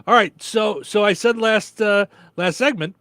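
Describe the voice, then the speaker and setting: A man hosting a radio show in casual chat, relaxed and full of fillers. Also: high voice, a little slow, dry recording. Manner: relaxed, chatty, lots of fillers.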